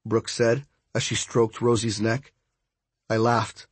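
A man narrating a first-person audiobook in a steady storytelling voice. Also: on the low side, slow, husky, dry recording.

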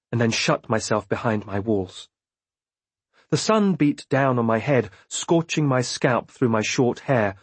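A man reading a novel aloud in first person with measured, steady storytelling. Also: medium pitch, breathy edge, no echo. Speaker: audiobook narrator. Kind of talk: scripted first-person narration.

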